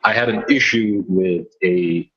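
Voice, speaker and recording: A man's voice: low-pitched, unhurried, a bit bright, lo-fi sound. A man, a DJ, telling a story in casual chat, rambling and restarting his sentences often. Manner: rambling with many restarts and stammers. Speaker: DJ and podcast host.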